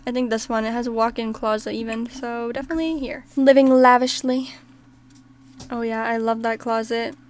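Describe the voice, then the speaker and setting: Chatty woman gamer, fairly high voice. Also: steady tone, quick pace, hardly any pauses, slight background noise. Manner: chatty, reacts aloud to the game. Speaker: gaming channel host. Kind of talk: casual let's-play commentary.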